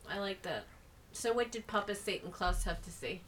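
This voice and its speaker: A woman's voice: medium pitch, animated, a little fast, fairly bright tone. A woman hosting a casual podcast chat, teasing her co-host and laughing often. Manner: teasing, giggly.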